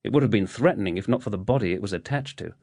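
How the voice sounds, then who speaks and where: A male audiobook narrator reads a first-person novel with measured, steady storytelling. His voice sits fairly low, and the recording is close and dry with no room sound. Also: no echo.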